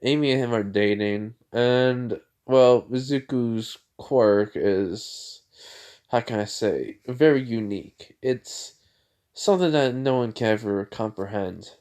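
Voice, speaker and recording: A man voicing a tired male teacher who explains in a measured way. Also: medium pitch, a little mellow, smooth, lightly acted. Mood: calm.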